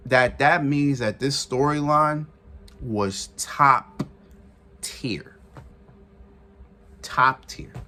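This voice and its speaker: Guy hyped up recapping wrestling, repeats stuff, laughs a lot, mid-pitch voice. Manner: excitable, retells with shouted quotes and sound effects; repeats phrases for emphasis, laughs often. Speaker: wrestling reviewer. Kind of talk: casual recap commentary.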